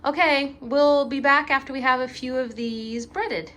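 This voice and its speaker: A home cooking vlogger with a high, fairly bright voice chats casually with her mother as they cook, explaining each step at a measured pace with fairly even intonation. She rambles a bit and uses fillers, first in a kitchen and later in an outdoor backyard kitchen.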